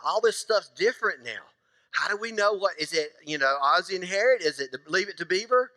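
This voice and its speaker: Pastor, male; high, bright voice; playful sermon delivery that quizzes the congregation. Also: expressive, brisk. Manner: joking, conversational, asks the congregation questions. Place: church sanctuary.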